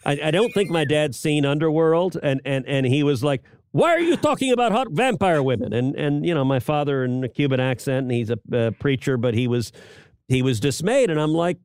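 Man, middle-aged, podcast co-host, smooth resonant voice, repeats words as he restarts, dry close sound. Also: mid-range voice, a little fast, darkish tone, no echo. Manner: stammering restarts, laughs at own jokes. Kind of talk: casual political podcast chat.

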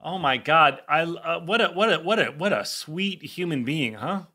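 A man's voice: on the high side, lively intonation, moderate pace, sharp tone. A man co-hosting a podcast in casual chat, rambling and joking, often restarting his sentences. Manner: rambling, self-interrupting, jokey. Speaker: podcast co-host.

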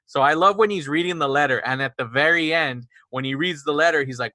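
Bright, slightly high young man, rambling. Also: brisk, dry recording. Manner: rambling, self-deprecating, recounts scenes with quoted lines. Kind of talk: casual movie discussion.

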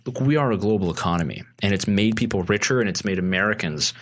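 Earnest man explaining policy, low voice. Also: lively intonation, fast talker, a little hiss or hum. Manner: earnest, explains at length with restarts. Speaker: guest, policy advocate. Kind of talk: casual podcast conversation.

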